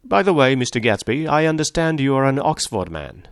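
A man's voice: medium pitch, big pitch swings, a little fast, smooth, dry recording, clean studio sound, voice pushed up. A man reading a story aloud, voicing an arrogant, indignant wealthy husband in a raised, sneering voice. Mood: scornful.

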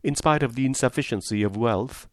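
A man voicing a sensible, composed young woman in an audiobook reading of a classic novel, measured and gently teasing. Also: mid-range voice, dry recording, clean studio sound, lightly acted. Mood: wry.

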